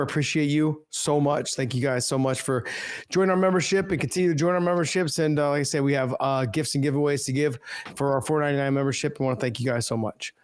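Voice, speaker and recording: A man with a slightly high, clear and resonant voice co-hosts a fight podcast. He talks casually and bluntly, cursing now and then and reading out sponsor plugs.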